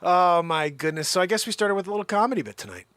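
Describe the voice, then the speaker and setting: A man hosting a livestream, riffing an improvised comedy rant to his chat, animated and jumping between put-on voices and whispers. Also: high-pitched, quick pace, a little hiss or hum. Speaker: livestream host.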